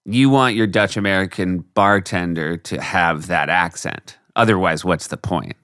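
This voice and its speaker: A man with a very low voice trading jokes on a podcast, talking close to a dry studio mic. He rambles, jumps to asides and laughs at his own bits. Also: a bit bright, smooth, no echo. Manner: joking, rambling, quick asides. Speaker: podcast co-host. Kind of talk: casual chat.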